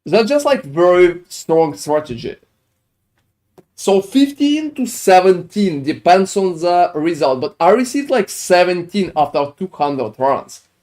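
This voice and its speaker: Gaming on stream, a man with a French accent chats with viewers in a casual way, meandering through his replies with lots of fillers. His high, darkish voice has big pitch swings, and his pace is measured.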